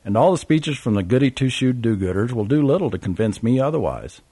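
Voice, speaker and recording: A man's voice: mid-range voice, very animated, a little fast, dark tone, husky, no echo. A man narrating a travel memoir in a wry, sardonic way.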